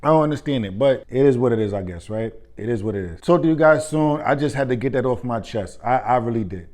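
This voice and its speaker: A man tells a frustrating workplace story in an exasperated, animated way. His pitch sits in a middle range, and he keeps circling back to disbelieving questions. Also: fast. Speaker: real estate agent. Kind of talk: ranting vlog.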